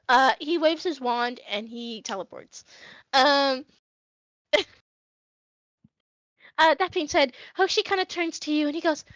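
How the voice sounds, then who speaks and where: A woman's voice: high-pitched, a little slow, pauses often, a bit bright, dry recording. A woman narrating a live tabletop game as game master, casual and giggly, with many fillers.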